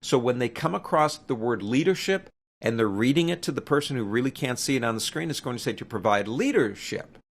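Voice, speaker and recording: Male instructor with a gravelly edge; relaxed, chatty walkthrough with the odd wry rant. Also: mid-range voice, brisk. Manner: casual, chatty, with joking opinionated asides. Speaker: teacher. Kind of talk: software tutorial walkthrough.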